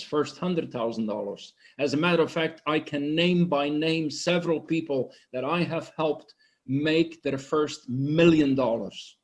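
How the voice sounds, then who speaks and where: A man giving an impassioned, blunt motivational pitch to an online group, swearing freely and sounding emotional. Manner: intense, blunt, swearing, preachy. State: emotional, sniffling. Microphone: online conference microphone.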